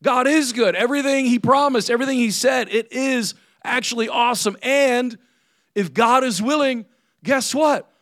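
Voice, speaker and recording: A man voicing two bold, hopeful male spies, shouting with excitement. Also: very high voice, normal speed, no echo, studio quality, voice pushed up. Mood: excited.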